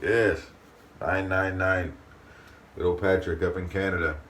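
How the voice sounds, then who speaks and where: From his bathroom, a shaving-channel host chats folksily to the camera, talking about himself in the third person. His low voice is steady and fairly bright, moving at a measured pace, and the distant mic catches a little room noise.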